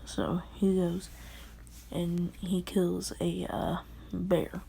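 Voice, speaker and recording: A woman casually telling a fan story, rambling and halting, often dropping to a half-whisper. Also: lowish voice, level tone, vocal fry, warm tone, slight background noise.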